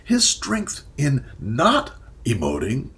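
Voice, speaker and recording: A man's voice: mid-range voice, wildly swooping pitch, takes it slowly, a bit bright. An older man and former therapist talking through a casual monologue, asking rhetorical questions and dropping into whispered asides. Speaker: therapist and commentator.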